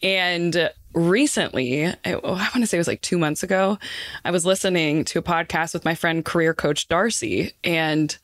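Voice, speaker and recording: A woman guest on a podcast, chatting casually with lots of excited energy and frequent laughter. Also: on the low side, moderate pace, no echo, studio quality.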